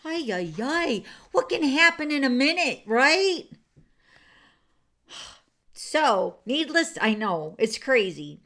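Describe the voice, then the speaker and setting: A woman's voice: sits high, big pitch swings, takes it slowly, pauses often, fairly bright tone. A woman hosting a card-making livestream, chatting casually and rambling with viewers, with lots of fillers and restarts. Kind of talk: casual live chat with viewers. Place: home craft room.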